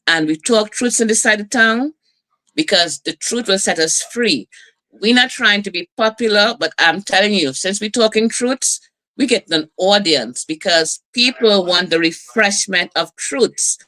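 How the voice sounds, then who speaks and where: A middle-aged woman host, telling stories and preaching in a lively community broadcast. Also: medium pitch, measured pace. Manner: lively, preachy storytelling with laughs and asides.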